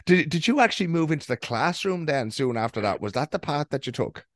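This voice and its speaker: Fast-talking male podcast host. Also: fairly high pitch, very animated, no room sound, studio quality. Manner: chatty, quick follow-up questions. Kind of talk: casual interview chat.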